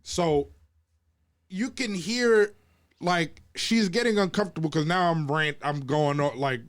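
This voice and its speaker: A man on a podcast rants hotly and swears freely, voicing the people in his stories. His voice sits on the higher side for a man. The sound is dry and close to the mic. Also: a little slow, long pauses, no echo. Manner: heated, profane ranting with mocking quoted voices. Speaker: podcast co-host. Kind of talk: casual debate and storytelling.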